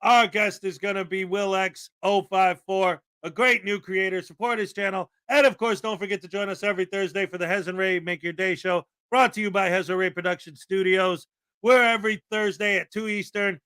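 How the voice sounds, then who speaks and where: High bright-voiced guy hosting a chatty stream, lots of ums, dry close sound. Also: steady tone, a little fast, clean tone, no room sound. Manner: chatty, with frequent fillers and laughter. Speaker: livestream host. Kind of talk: casual commentary show.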